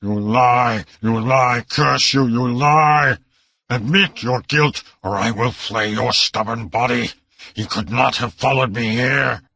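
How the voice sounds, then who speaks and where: Deep-voiced raging count, panting fury, put on by a male reader. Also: steady tone, slow pace, sharp tone, slightly rough, no room sound, studio quality, heavily acted. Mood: shrieking fury. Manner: roaring, panting. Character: raging older count, half-mad, panting.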